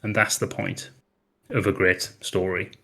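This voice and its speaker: Male panel guest with a very low, bright, forceful voice, confident and preachy. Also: little pitch movement, measured pace, gravelly. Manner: confident, lecturing, emphatic. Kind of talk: casual panel chat.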